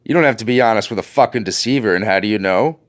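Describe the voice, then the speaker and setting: A man's voice: lowish voice, quick pace. A man hosting a video, ranting to his viewers in an angry, profane and sarcastic way. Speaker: video host.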